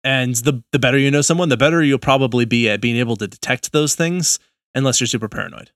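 A man in a casual podcast conversation, walking through examples in a measured, explanatory way. His voice sits in an ordinary middle register, recorded close and dry with no room sound. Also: medium pitch, fairly bright tone, dry recording. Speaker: podcast co-host.

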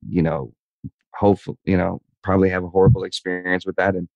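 Guest, 30s man, very low voice, earnest candid interview talk, says man a lot, dry sound. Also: level tone, quick pace, gravelly, a little mellow, no echo, highs cut off. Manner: earnest, repeats words, says man and dude. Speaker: podcast guest.

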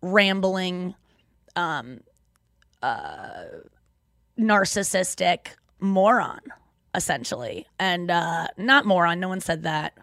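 A woman's voice: fairly low pitch, expressive, slow pace, vocal fry, long pauses, a bit bright, no echo. Tearful woman podcast host, dry sound. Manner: rambling, tearful, apologetic. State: crying. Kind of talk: emotional personal monologue. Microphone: studio microphone.

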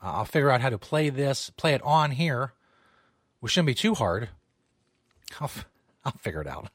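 A man's voice: mid-range voice, big pitch swings, moderate pace, a bit bright, no echo. Loose, rambling male comedy host, dry sound. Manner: loose, rambling, self-mocking. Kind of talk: casual, profane show banter. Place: small home studio.

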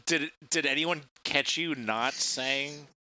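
A man's voice: on the high side, takes it slowly, sharp tone, dry recording. A man co-hosting a podcast in casual chat, often laughing and stammering through his questions. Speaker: podcast co-host.

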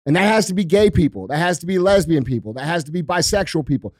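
A man's voice: on the high side, animated, fast, dry recording, clean studio sound. A man co-hosting a podcast, ranting in heated casual talk and swearing often. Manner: profane, emphatic ranting. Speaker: podcast co-host.

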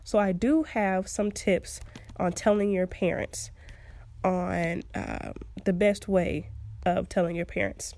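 A woman's voice: fairly low pitch, animated, slow, vocal fry, a little mellow. A young woman hosting a podcast, giving casual advice in a chatty way and laughing often. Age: young adult. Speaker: podcast host.

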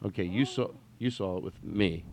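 A man's voice: sits low, normal speed, a little mellow. Rambling, emphatic man in casual chat. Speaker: podcast host.

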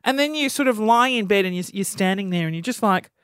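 A man's voice: high voice, fast, clear, resonant tone, no echo, clean studio sound. Aussie guy ranting into the camera, voice jumps all over, acts out everyone he talks about. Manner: animated, mimics people in acted-out quotes. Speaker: vlogger. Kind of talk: comic rant to camera.

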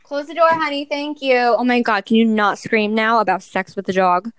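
A woman's voice: fairly high pitch, steady tone, normal speed, crowd noise. A woman co-hosting a casual podcast, reacting with exclamations and scolding asides. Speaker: podcast co-host. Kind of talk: casual chat.

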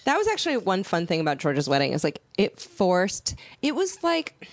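Young woman, joking around, expressive, lively pitch swings, dry close sound. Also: normal speed, no room sound. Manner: playful, jokey and expressive. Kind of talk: casual chat.

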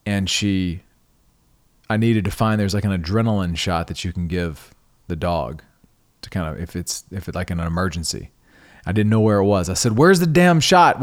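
A middle-aged man hosting a podcast, telling a personal story in a conversational way, often restarting and repeating words. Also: low-pitched. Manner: conversational, restarts and repeats words, animated when quoting himself. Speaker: podcast host.

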